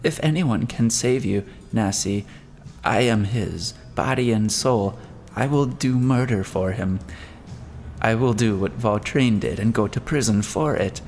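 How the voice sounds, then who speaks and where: In an audiobook, a man reads the part of a desperate, grief-stricken old father, wailing, pleading and reproaching himself in despair. His voice is fairly low and darkish, with a measured pace, and faint music plays behind him.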